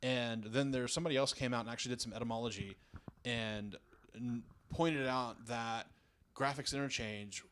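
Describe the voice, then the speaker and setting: A man's voice: mid-range voice, fairly even intonation, normal speed, a bit bright, slight background noise. Southern man, chatty podcast guest, rambling, self-deprecating. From American South. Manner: rambling, self-mocking, many restarts. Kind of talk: casual chat.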